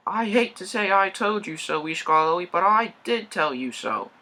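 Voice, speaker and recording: A man's voice: sits high, lively intonation, normal speed, bright, forceful tone, pitched above the performer's own voice, full character voice. A man voicing a cautious, fussy old male steam engine in a fan-made story. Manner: cautious, scolding.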